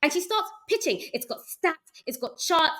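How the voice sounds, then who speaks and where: A woman app founder telling a story as a guest, with an expressive manner. She acts out the voices of the people she quotes and laughs easily. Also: very high voice, moderate pace, poor audio. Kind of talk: animated storytelling.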